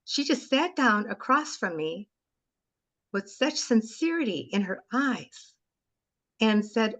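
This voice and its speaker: Woman hosting a video call chat, telling her story all heartfelt and emotional, mid-pitched voice. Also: animated, unhurried, pauses often, fairly bright tone. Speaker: webinar host. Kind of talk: personal storytelling in an online group talk.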